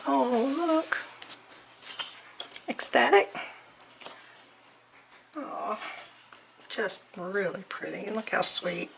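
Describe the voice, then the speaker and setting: A woman chatting through an unboxing, gushing softly and at times dropping to a near whisper. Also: fairly high pitch, sing-song, extremely slow, creaky, long pauses, slight background noise. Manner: gushing, soft-spoken, often near a whisper. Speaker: crafting vlogger. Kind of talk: unboxing chat.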